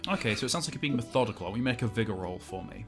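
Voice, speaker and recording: A man narrating as game master of a tabletop game, casual and halting with many fillers. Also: lowish voice, expressive, a bit bright, soft background music.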